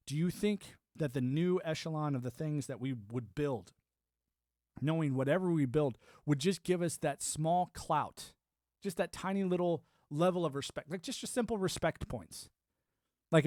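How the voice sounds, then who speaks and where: A man's voice: fairly high pitch, darkish tone, no room sound, clean studio sound. A man hosting a live stream, giving a rambling, sarcastic political rant and mocking other people's views. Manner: sarcastic, ranting, mocks others in put-on quotes. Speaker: livestream host.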